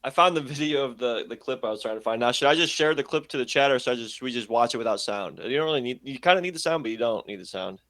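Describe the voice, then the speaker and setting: A man's voice: medium pitch, expressive, racing, few pauses, a bit bright. Chatty man guesting on a stream. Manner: chatty, rambling, self-correcting. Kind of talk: casual live-stream chat.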